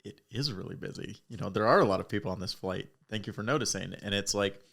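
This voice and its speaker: A man's voice: lowish voice, fast, gravelly, fairly bright tone. A young man who is a podcast guest, talking earnestly in casual chat and leaning on "like" as a filler.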